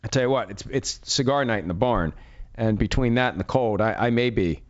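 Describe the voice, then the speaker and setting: A man's voice: mid-range voice, a little fast, muffled recording. A man hosting a sports talk show in a casual, rambling monologue while fighting a head cold and a runny nose. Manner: chatty, rambling, self-deprecating asides. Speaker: sports radio host.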